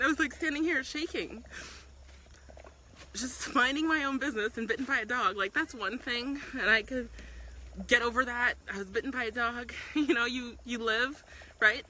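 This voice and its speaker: A woman's voice: on the high side, bright, forceful tone, a little hiss or hum, low-quality recording. A woman talking passionately on a live stream outdoors, with frequent ums and restarts. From South Africa. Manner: earnest and passionate, with many ums and self-restarts. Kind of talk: casual live-stream commentary. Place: outdoors in a public spot.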